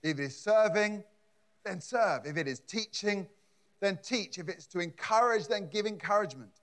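A man's voice: sits high, expressive, normal speed, fairly bright tone. A man preaching a conversational sermon in a church, often repeating words and adding asides. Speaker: pastor.

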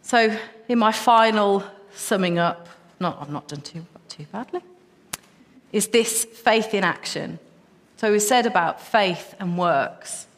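A woman's voice: medium pitch, takes it slowly, slight background noise. A woman preaching a sermon, passionate and emphatic, her voice rising into repeated questions. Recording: long reverb of a hall.

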